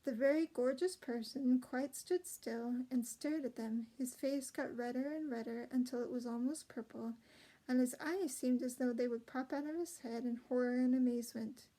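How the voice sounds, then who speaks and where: A woman reading a children's novel aloud, gentle and expressive, with small slips and restarts. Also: high voice, moderate pace, low-quality recording. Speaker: storybook reader.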